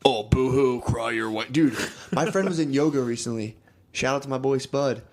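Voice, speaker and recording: Crude, animated young man co-hosting. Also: medium pitch, moderate pace. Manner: crude, animated storytelling with lots of swearing. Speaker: podcast co-host. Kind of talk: casual comedic chat.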